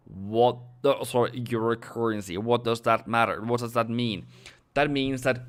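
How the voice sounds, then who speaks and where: A young man hosting a live forex analysis stream, speaking slowly and deliberately at a middle pitch. His voice is smooth and clear, with non-native English phrasing, frequent fillers and self-corrections as he addresses viewers directly. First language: Norwegian. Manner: talks directly to viewers, thanks subscribers. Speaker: forex trading host.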